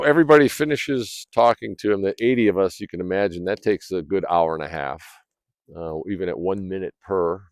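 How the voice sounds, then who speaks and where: A man telling a personal story in a rambling, casual way, clearing his throat often, recorded outdoors by a fire. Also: fairly low pitch, darkish tone, no room sound. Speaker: vlogger.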